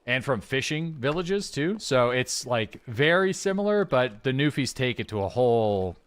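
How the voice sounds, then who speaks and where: A man's voice: mid-range voice, big pitch swings, normal speed, clean tone. A man from rural Prince Edward Island with a Prince Edward Island accent, rambling and swearing casually to his chat while he plays a game. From rural Prince Edward Island, Canada. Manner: rambling, swearing, self-described yapping. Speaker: game streamer.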